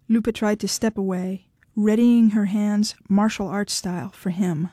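Woman calmly reading a story aloud, mellow voice, dead dry sound. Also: mid-range voice, normal speed, few pauses, no echo. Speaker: narrator. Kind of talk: audiobook reading of literary fiction.

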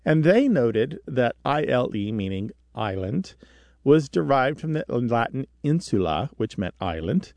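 A man hosting a call-in radio show, his voice close and dry on a studio microphone. He chats easily with callers and explains word history as if telling a story, at a middling pitch. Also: big pitch swings, measured pace, vocal fry, darkish tone, dry recording.

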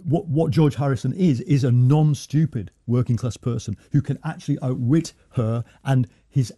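Dark, husky man in his sixties. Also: medium pitch, dry recording, studio quality. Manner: reflective, halting with restarts. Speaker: guest commentator. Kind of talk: radio discussion. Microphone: studio mic.

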